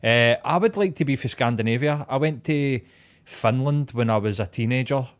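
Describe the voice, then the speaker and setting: A man's voice: mid-range voice, normal speed, smooth. A Scottish man in his thirties talking casually on a podcast, rambling and sweary, often restarting sentences. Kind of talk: casual chat.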